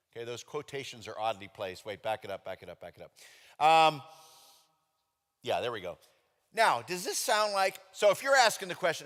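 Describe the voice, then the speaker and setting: A man's voice: medium pitch, sing-song, normal speed, fairly bright tone. A male pastor preaching a sermon, telling the story with jokes and acting out the characters. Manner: jokey storytelling that acts out the characters. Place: church sanctuary. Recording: echoey church hall.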